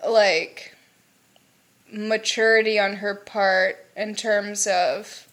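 A woman co-hosting a podcast in casual chat, giggly and animated as she tells stories. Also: mid-range voice, drawn-out words. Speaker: podcast co-host.

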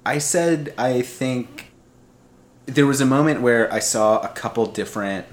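A man's voice: medium pitch, measured pace. A man co-hosting a podcast in casual chat, rambling and poking fun at himself, laughing often. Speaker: podcast co-host.

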